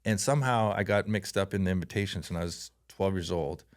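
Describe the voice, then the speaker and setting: Speaking briskly in a low voice, the former Canadian hockey player recounts stories during a casual interview. He's lively, breaks into laughter often, and imitates voices as he goes.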